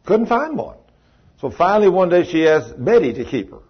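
A man preaching a sermon, telling a story in a folksy, animated way and acting out the voices in it. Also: high voice, normal speed, breathy edge. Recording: dull lo-fi sermon recording.

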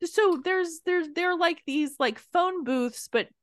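A woman co-hosting a movie review podcast, chatting casually in an animated, gushing way and laughing often. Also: extremely high pitch, slow, dry recording, clean studio sound. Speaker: podcast co-host.

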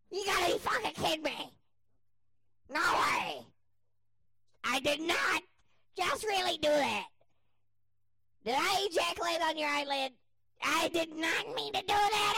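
A man voicing a panicked young man in a comedy skit, shouting frantic exclamations. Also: very high voice, gravelly, full character voice.

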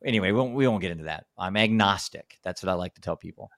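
Deep-voiced man in casual conversation. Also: fast, a bit bright, no echo, studio quality. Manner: rambling, frequent restarts and "you know". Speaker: podcast host and speaker.

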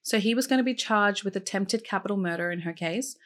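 Brisk and medium in pitch, this woman hosts a true crime podcast and relates the case in a relaxed, chatty way. She uses many fillers such as "like" and "um" and directly asks her listeners questions.

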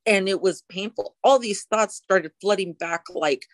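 A woman's voice: medium pitch, unhurried. A woman recounts her own recovery in a candid, emotional interview, not shying away from a swear word. Her voice sits in an ordinary middle register for a woman. The sound is dry and close, with no room echo. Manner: emotional and frank, occasional swearing. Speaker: guest sharing recovery story. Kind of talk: candid personal storytelling.

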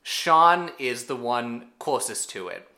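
Bright-voiced man recapping casually. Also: mid-range voice. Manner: animated storytelling with quick asides. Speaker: podcast co-host.

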